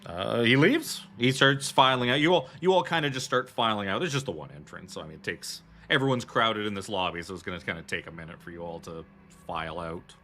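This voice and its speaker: A man's voice: lowish voice, a little fast, a bit bright, a little hiss or hum. A man narrating as game master of a tabletop horror game, rambling loosely with many fillers.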